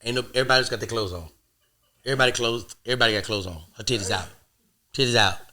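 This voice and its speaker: A young man telling a wild story on a podcast, loud and laughing as he acts out the quotes. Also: medium pitch, racing. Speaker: podcast guest. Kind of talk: animated storytelling.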